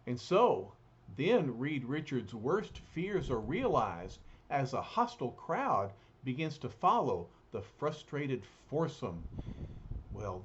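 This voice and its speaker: A man reading a comic book aloud, unhurried and with frequent fillers. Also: mid-range voice, lo-fi sound, slight background noise. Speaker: reader.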